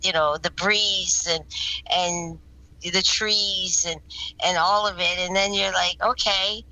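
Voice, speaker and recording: A woman with a bright, forceful voice speaks as a guest on an interview show. She tells her experiences in an earnest, rambling way. She often restarts her sentences and repeats words as she goes. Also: lowish voice, fairly even intonation, takes it slowly, low-quality recording. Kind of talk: casual spoken storytelling.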